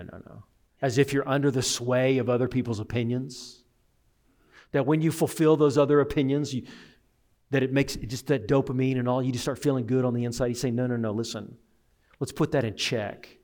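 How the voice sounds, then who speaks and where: Man, pastor preaching, animated delivery, fairly high voice, plays the voices he quotes. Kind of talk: sermon.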